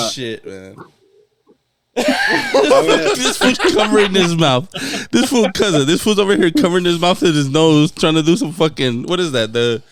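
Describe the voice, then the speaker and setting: A man's voice: a little high, vocal fry. A man hosting a podcast, telling a rowdy story with lots of swearing and Spanish slang. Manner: profane, animated storyteller, switching between English and Spanish. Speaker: podcast host. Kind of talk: casual chat, telling a drunk story.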